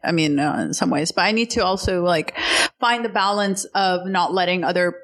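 A woman's voice: lowish voice, moderate pace, a bit bright. A woman from Alabama talking as a guest in a casual chat, candid and rambling with lots of restarts. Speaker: guest comedian.

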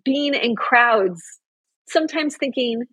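A woman's voice: on the high side, animated, takes it slowly, a bit bright, slightly rough, no room sound, muffled recording. A middle-aged woman, a TV news anchor, earnestly telling a heartfelt personal story in an interview.

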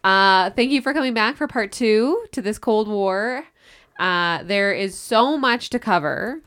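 A woman co-hosting a casual history podcast, chatty and quick to laugh. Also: mid-range voice, expressive, fairly bright tone, smooth. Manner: chatty, laughing, filler-heavy. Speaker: podcast co-host.

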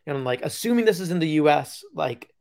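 A man's voice: fairly high pitch, expressive, fast talker, creaky, darkish tone. A man co-hosting a podcast in casual chat, telling stories in a rambling way, with plenty of fillers and acted-out quotes. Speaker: podcast co-host.

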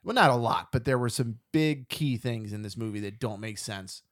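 A man's voice: medium pitch, normal speed, no room sound, clean studio sound. A man co-hosting a casual podcast chat, talking in an opinionated, emphatic way and swearing now and then. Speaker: podcast co-host.

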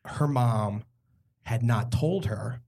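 A man's voice: mid-range voice, slow, gravelly, dark tone. A young man from Philadelphia telling a true story on stage at a live comedy podcast, rambling and self-mocking with plenty of fillers.

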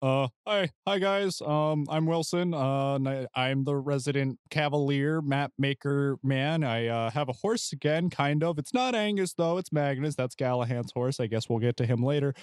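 A man's voice: mid-range voice, normal speed, few pauses, clean tone, no room sound, studio quality. A man introducing himself as a tabletop game player, rambling with awkward jokes. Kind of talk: casual chat.

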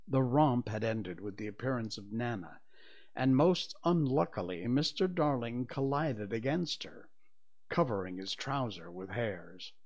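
A male narrator reads a classic children's story aloud, taking his time over every phrase. His pitch moves expressively up and down, giving the telling a warm, storybook lilt at a mid-range pitch. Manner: expressive, unhurried reading. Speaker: audiobook narrator.

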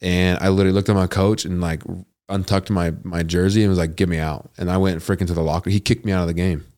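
A man in his thirties hosting a podcast interview, telling stories in a loose, animated way, full of "dude" and "like". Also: low voice, fast talker. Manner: animated storytelling, says "dude" and "like" a lot. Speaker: podcast host. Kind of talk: casual conversational interview.

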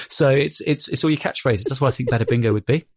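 Man, podcast co-host, gravelly voice, wry deadpan delivery. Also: mid-range voice, fast talker. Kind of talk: casual chat.

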